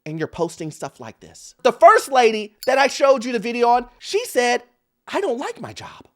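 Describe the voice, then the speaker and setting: Animated man hosting a commentary channel. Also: very high-pitched, moderate pace. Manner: animated, laughing, talks straight to viewers. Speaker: host. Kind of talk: commentary on social media clips.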